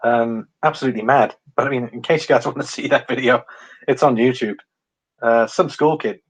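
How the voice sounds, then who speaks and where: A man's voice: medium pitch, fairly quick, husky, poor audio. A man from England hosting a precious metals livestream, chatting casually with many ums and reading out viewer comments. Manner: rambling, many ums, chuckles often.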